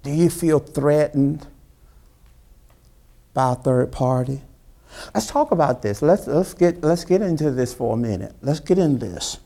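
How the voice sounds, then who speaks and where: A man's voice: a little slow, creaky, long pauses. A man preaching a sermon, retelling a story with dramatic voices for its characters and questioning his congregation directly. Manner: preaching with dramatic character voices, rising to high excited pitch. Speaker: pastor.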